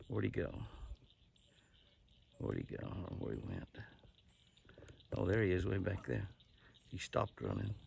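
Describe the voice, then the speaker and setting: A man's voice: low-pitched, vocal fry, a bit bright, a little hiss or hum. A man narrating casually outdoors while feeding deer, folksy and coaxing them closer in a sing-song call. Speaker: ranch owner and show host.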